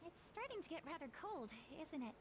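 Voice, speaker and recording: A formal, soft-spoken schoolgirl from a video game. Her voice sits high and swoops with a lot of lively movement. Clear background noise runs under the game audio. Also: fairly quick. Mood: polite. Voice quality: polite, formal phrasing. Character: polite earnest young schoolgirl, soft-spoken.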